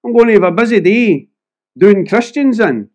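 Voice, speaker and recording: Saul sounds brash and breezy, a preacher putting on a cocky man sure of his own mission. The voice sits high and quick, sermon storytelling. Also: expressive, darkish tone. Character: Saul, brash self-assured zealous man.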